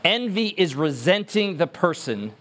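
A man's voice: high-pitched, very animated, unhurried, fairly bright tone. A man preaching a sermon as pastor, emphatic and earnest, repeating words for stress.

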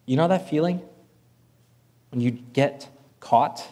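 Higher-voiced male preacher. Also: slow, mellow. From Northern US. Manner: conversational, self-deprecating humor. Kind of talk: sermon.

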